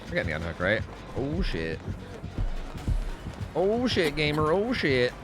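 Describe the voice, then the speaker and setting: A young man streaming gameplay, swearing a lot and swinging between shocked yells and low mumbled asides. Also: huge pitch swings, measured pace. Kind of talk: live gameplay commentary. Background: game music.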